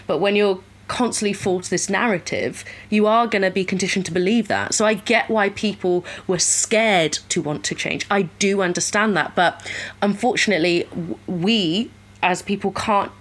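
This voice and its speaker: A woman's voice: mid-range voice, normal speed. A young woman who is a podcast guest talks candidly in casual chat. She acts out other people's voices and swears freely.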